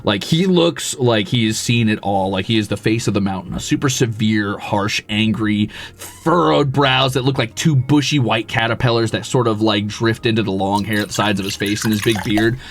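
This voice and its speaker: A man's voice: on the low side, moderate pace. A man narrating as the game master of a tabletop role-playing game, in a casual way with frequent laughs. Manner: casual, laughs often, uses lots of fillers.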